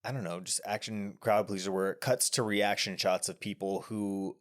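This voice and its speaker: Male podcast co-host, low voice, long meandering explanations of a film. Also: level tone, moderate pace. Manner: explains at length with many restarts and fillers. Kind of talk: casual film discussion.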